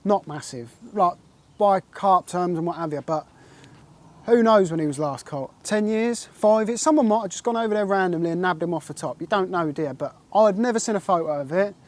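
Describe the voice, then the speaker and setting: A man, telling an excitable and rambling fishing story in a casual interview, full of "like" and "mate". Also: high-pitched, fairly quick. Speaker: carp angler recounting a catch.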